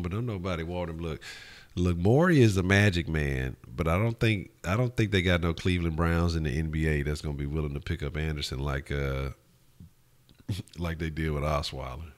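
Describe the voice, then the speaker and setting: A man's voice: low voice, normal speed. A man hosting casual sports talk, loose and profane, rambling with restarts while answering chat. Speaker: sports talk show host.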